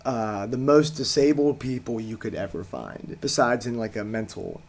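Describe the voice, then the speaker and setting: A man's voice: medium pitch, normal speed, vocal fry. A man casually telling a rambling story on a chat show, full of fillers, restarts and swearing. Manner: swears casually, laughs a lot. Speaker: co-host.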